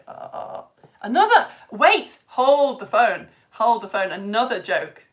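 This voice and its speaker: A woman's voice: fairly high pitch, expressive, measured pace. Bubbly British woman teaching children. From United Kingdom. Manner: bubbly, reading out viewers' comments and greeting children by name. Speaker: science teacher. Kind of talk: live-streamed children's science lesson.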